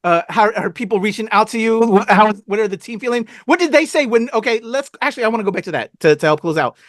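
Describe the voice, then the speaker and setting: Man, podcast host, high voice, dry close sound, earnest and hyped. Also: expressive, fast, no echo. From Philippines. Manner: earnest, hyped, swears freely. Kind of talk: casual interview chat.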